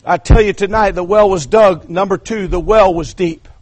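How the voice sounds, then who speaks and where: A man preaching an impassioned sermon, dropping to hushed asides and then building to shouted climaxes. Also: high voice, normal speed. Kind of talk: revival sermon.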